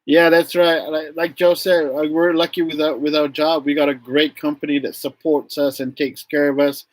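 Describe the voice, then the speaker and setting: Animated man, dry close sound. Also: normal speed, dry recording. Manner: animated, acts out classroom exchanges with big pitch jumps. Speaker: English teacher in Japan. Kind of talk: casual live stream chat.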